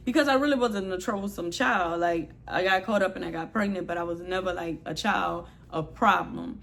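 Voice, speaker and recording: A woman's voice: on the low side, moderate pace, creaky, hardly any pauses. New woman telling her story. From New Orleans, USA. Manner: candid, expressive retelling, heavy use of "like". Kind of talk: storytime vlog.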